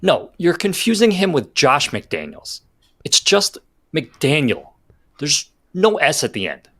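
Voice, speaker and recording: A man working as the show's producer, giving deadpan, pedantic corrections. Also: fairly high pitch, slow pace. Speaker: show producer.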